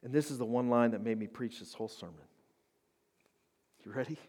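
A man preaching a sermon as pastor, dropping to whispers and rising to shouts. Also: medium pitch, fairly quick. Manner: swings from hushed whispers to loud shouted climaxes. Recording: long hall reverb.

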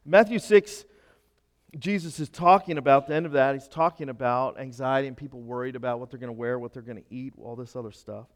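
A man preaching a sermon as pastor, emphatic and swinging from loud to hushed. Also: medium pitch, brisk, big-room sound.

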